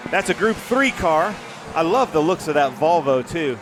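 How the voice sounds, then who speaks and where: A man's voice: a little high, very animated, moderate pace, music in the background. A man doing live motorsport commentary as a regular on the broadcast, chatty and enthusiastic about the cars. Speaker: race commentator. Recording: noisy trackside with engine sound.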